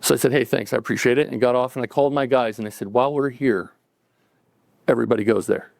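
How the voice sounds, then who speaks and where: A middle-aged man telling a personal story to a live audience, relaxed and conversational, with chuckles and acted-out quotes. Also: mid-range voice, fast, vocal fry, no room sound.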